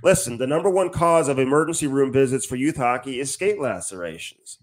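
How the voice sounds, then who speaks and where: An animated, brisk man with a medium-pitched voice co-hosts a podcast. He keeps things breezy through casual talk and ad reads, often finishing phrases with "man."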